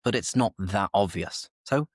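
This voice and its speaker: A young man hosting a slow, clear conversation for English learners, speaking in a measured, reflective, explanatory way. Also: lowish voice, dry recording, clean studio sound. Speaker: English teacher, host.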